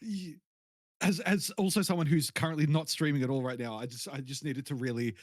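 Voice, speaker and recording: A man's voice: fairly high pitch, fairly even intonation, fairly quick, no echo, clean studio sound. A man talking on a voice call, giggling, stammering and poking fun at himself. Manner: giggly, stammering, self-mocking. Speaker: streamer friend on a call. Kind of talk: casual call chat.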